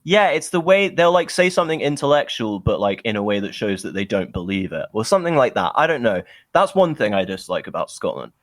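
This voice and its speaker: Low-voiced young British man ranting. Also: very animated, fairly quick, hardly any pauses, no echo. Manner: opinionated, rambling, sardonic. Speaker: podcast co-host. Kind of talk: casual chat.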